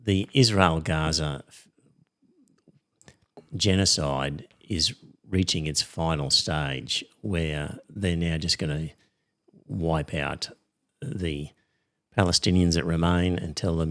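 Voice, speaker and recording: A middle-aged Australian man hosting a podcast in casual chat, rambling and reading listener messages with many pauses and ums. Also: sits low, a bit bright. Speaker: podcast host.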